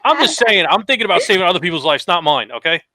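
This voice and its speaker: A man co-hosting a casual podcast, telling jokey stories in an animated way. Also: high-pitched, very fast, no echo. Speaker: podcast co-host, streamer.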